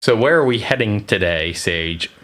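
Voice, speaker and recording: Brief: American man, low voice, casual teasing podcast co-host. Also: lively intonation, moderate pace, a bit bright. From United States. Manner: joking, teasing, rambling. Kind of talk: casual chat.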